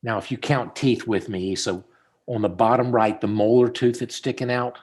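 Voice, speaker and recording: A man's voice: mid-range voice, moderate pace. A middle-aged man, a dentist, walking a student through cases in casual teaching chat over a video call, telling stories as he goes. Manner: storytelling, animated when quoting people.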